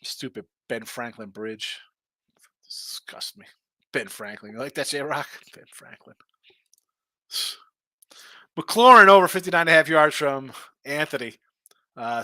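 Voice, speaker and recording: Ranting sports betting host, bright voice. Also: male voice, mid-range voice, dry recording. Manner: blunt, ranting, animated. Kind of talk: casual live-stream chat reading viewer comments.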